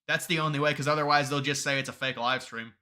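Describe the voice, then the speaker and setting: A man's voice: mid-range voice, fairly even intonation, fast talker, pushed and bright. A man hosting a live stream, chatting casually with viewers and reading their comments aloud, often restarting his sentences. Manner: rambling, restarts sentences, reads chat aloud.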